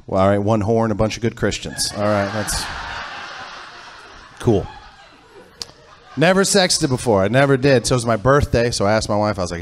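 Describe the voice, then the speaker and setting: A middle-aged man performing stand-up on a comedy club stage, telling a story that builds to loud, animated punchlines. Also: fairly low pitch, normal speed, pauses often.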